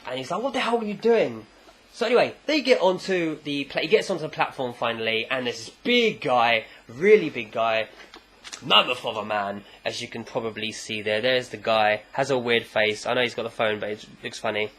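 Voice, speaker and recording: A man casually recapping a manga chapter, animated and acting out the characters. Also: medium pitch, a little fast. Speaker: manga reviewer.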